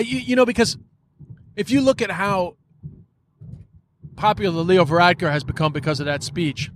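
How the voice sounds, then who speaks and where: Male podcast host, casual ranting monologue, slightly high voice, profane and filler-heavy, faint noise behind. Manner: frustrated, profane, many fillers.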